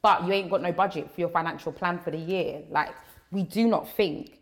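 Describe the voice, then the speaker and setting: A young woman speaks in a deep, low register. She talks bluntly and fast in a casual podcast chat, stringing thoughts together with fillers. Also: fairly even intonation. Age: young adult. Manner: outspoken, talks in quick run-on bursts with many fillers. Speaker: guest, faith content creator.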